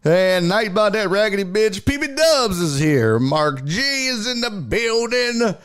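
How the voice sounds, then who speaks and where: Animated, profane man hosting a sports stream. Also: measured pace, clean tone. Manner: loose, profane, shouts out chat viewers by name; lively, jumpy pitch when retelling. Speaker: sports podcast host. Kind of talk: casual livestream chat.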